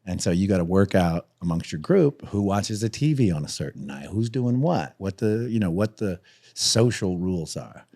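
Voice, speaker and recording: Animated low-voiced man telling stories. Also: normal speed. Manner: animated, jumps high in pitch when acting out other people; swears freely, laughs through his own stories. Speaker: podcast guest. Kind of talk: storytelling in a podcast interview.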